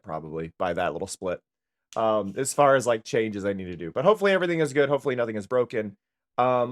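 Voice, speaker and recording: A man streaming live from home, chatting casually in a rambling way with many restarts. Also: mid-range voice.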